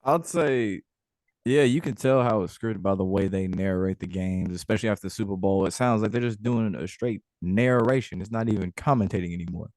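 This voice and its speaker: Young male guest, lowish voice, easygoing with fillers, dry close sound. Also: brisk, no echo. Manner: relaxed, lots of filler words. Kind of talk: casual interview.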